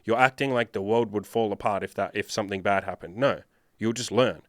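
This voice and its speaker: A man's voice: lowish voice, a little fast, no echo, clean studio sound. A man working as a dating coach, answering viewer questions in a blunt, profane, lecturing monologue.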